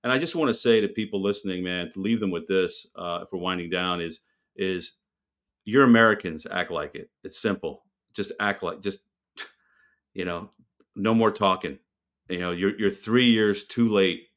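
A man's voice: deep voice, moderate pace, fairly bright tone. A man who owns a restaurant, talking bluntly and with heat as a podcast guest, swearing now and then. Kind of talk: casual podcast interview.

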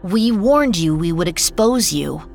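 A woman voicing a calm, polite young prince in a storybook tale, speaking simply and with quiet confidence. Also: lowish voice, a little slow, vocal fry, soft background music. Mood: calm, earnest.

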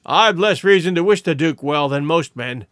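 A man voicing a surly, heavy-set male country innkeeper who speaks gruffly and grudgingly in an audiobook reading. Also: fairly high pitch, animated, moderate pace, a bit bright, no room sound, studio quality.

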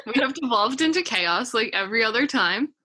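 Young woman co-host, somewhat high and bright, joking casual chat. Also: animated, husky. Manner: playful, quick laughs. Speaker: podcast co-host.

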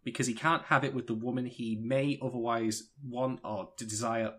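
A man's voice: medium pitch, normal speed. Opinionated man reviewing anime. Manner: opinionated, animated, emphatic rises. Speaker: podcast co-host. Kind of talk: casual anime review chat.

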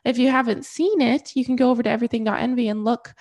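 A young woman co-hosting a podcast in casual chat, her voice stuffy from a cold, chatty and quick to laugh. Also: on the high side, a little mellow. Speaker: podcast co-host.

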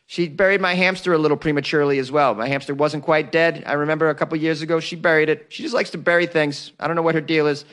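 A man's voice: a little high, steady tone, fast talker, few pauses, a bit bright, voice pushed up, close to an everyday voice. A man voicing a frantic adult daughter with a Boston accent, calling the police in a comedy podcast bit. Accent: Boston (put on).

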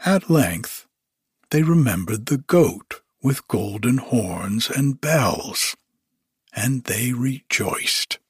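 A man narrating a fairy tale in a slow, measured storybook reading. His voice is husky and the pace very slow. The recording is dry and close. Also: mid-range voice, animated, no room sound.

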